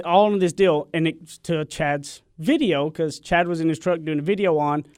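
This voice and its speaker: A man with a Southern accent telling an excited story in casual radio chat. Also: a little high, moderate pace, clear, resonant tone, no echo, studio quality. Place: radio studio.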